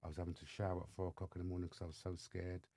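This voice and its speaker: A man with an English accent, a podcast guest telling his life story in lively fashion and acting out the voices of others. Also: sits low, rapid-fire, no echo. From England. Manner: animated storyteller acting out dialogue. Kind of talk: storytelling interview. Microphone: studio microphone.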